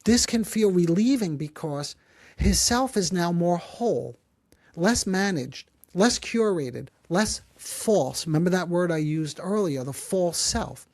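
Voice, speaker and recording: A man hosting a psychology podcast, who explains calmly and gently and slows down to stress key phrases. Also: high voice, no room sound. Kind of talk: calm explanatory talk.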